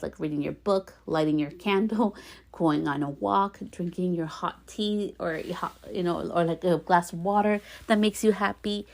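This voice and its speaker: Earnest woman podcaster, slightly low voice. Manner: warm encouraging, repeats affirmations, slow earnest delivery. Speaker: podcast host. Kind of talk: heartfelt solo podcast talk.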